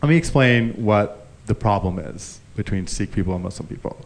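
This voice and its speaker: Man, stand-up comedian, live set, lively swooping pitch, acts out characters. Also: moderate pace, gravelly. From grew up Indian. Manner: animated storytelling, acting out characters. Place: live comedy stage with audience. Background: audience laughter.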